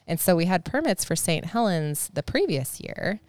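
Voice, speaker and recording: A woman with a low, smooth, resonant voice chats as a podcast guest. She tells her story animatedly, swears easily and acts out what others said. The recording is close and dry. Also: sing-song, normal speed, a little mellow, no room sound. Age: adult, married. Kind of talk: casual storytelling chat.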